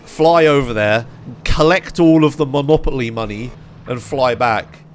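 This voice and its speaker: A man's voice: mid-range voice, a little slow, slight background noise. A young man from England chatting casually on a live stream, ranting in disbelief with lots of swearing and laughter. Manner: animated, incredulous ranting with frequent swearing and laughs.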